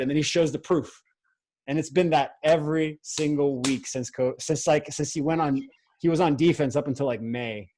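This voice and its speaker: A man's voice: on the high side, moderate pace, darkish tone, poor audio. A man talking in a casual conversation as a guest, rambling with frequent restarts and fillers. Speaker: podcast guest, film co-founder.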